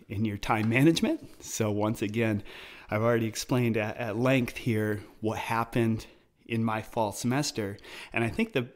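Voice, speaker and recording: A man hosting his own podcast, talking casually and explaining ideas through personal stories. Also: mid-range voice. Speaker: podcast host. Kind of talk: casual solo podcast talk.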